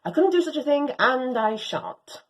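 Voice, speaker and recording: Brief: excitable young female Doberman in a storybook, read by a woman, grand phrasing, bright lively swoops. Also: moderate pace, rough recording. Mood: dramatic. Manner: theatrical, swooping pitch, grand old-fashioned phrasing. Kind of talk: storybook reading.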